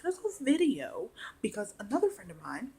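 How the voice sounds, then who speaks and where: A woman's voice: fairly high pitch, huge pitch swings, moderate pace, warm tone, a little hiss or hum. A woman vlogger telling a story to her camera in a chatty, rambling way, full of fillers. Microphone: device camera.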